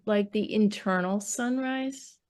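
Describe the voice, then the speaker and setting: In a clean, mid-range voice with a slightly mellow quality, a New York-accented woman poet talks informally about her book during an interview. She frequently stops and starts over as she hunts for the right words.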